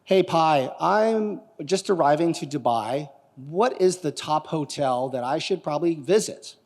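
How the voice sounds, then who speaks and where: Male keynote speaker, lively audience questions, voice rather high, long hall reverb. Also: a little slow. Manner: animated, quizzing the audience. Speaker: conference speaker. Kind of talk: live keynote talk with demo. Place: conference hall on stage.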